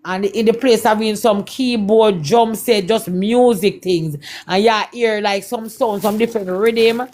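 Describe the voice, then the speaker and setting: A woman's voice: mid-range voice, a little slow, hardly any pauses, darkish tone. A Jamaican woman telling a personal testimony as a guest, in Patois-laced speech, repeating herself and acting out the dialogue in her story. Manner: Patois-laced, repetitive retelling with quoted dialogue. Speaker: guest performer.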